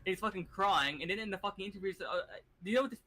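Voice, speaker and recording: A man's voice: sits high, racing, bright, forceful tone, a little hiss or hum, low-quality recording. A man streaming a game, ranting in casual chat with heavy swearing and many restarts. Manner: ranting, profane, lots of fillers and restarts. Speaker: gaming streamer.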